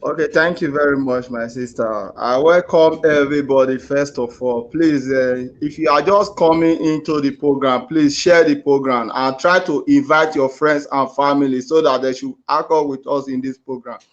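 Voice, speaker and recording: A man's voice: medium pitch, fairly even intonation, moderate pace, hardly any pauses. A Nigerian man from Delta State introducing himself at a meeting in a polite, formal way. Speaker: meeting participant. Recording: dull lo-fi audio.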